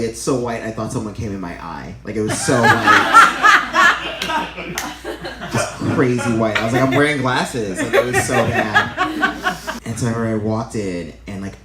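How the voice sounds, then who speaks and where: A man doing a brash stand-up comedy set in a small venue, laughing through his own jokes. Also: on the low side. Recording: echoey room, noisy crowd.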